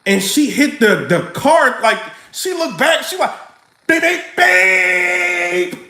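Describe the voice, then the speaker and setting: A man ranting casually to camera in his vlog, animated, full of slang and laughing often. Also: extremely high pitch, measured pace, reverberant, poor audio. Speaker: vlogger.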